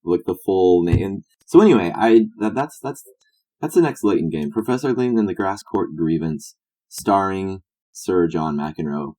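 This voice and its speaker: Deep-voiced man riffing in casual chat. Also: expressive, moderate pace, mellow. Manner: rambling, improvising a silly pitch, many fillers. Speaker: podcast co-host.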